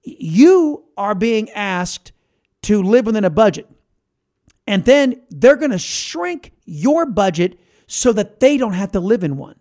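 Combative high-pitched male talk host. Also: big pitch swings, a little slow, darkish tone. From United States. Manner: combative, sarcastic, emphatic. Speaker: podcast host. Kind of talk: opinionated political talk.

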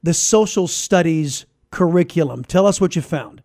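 A man hosting a political talk podcast, emphatic, slowing down to stress his points. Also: on the high side, expressive, dark tone. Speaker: podcast host.

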